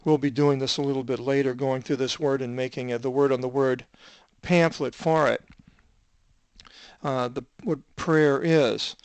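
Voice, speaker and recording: An older man, a Bible translator, teaching biblical Greek in a slow, halting seminar, with many fillers as he reads and explains Greek words. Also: medium pitch, steady tone, clean tone, dry recording.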